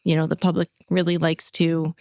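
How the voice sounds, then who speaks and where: A woman's voice: sits low, normal speed, no echo, clean studio sound. A woman real estate agent hosting a casual podcast, telling client stories and acting out quotes in a raised voice. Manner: animated storyteller, acts out quoted clients in a raised voice. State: getting emotional.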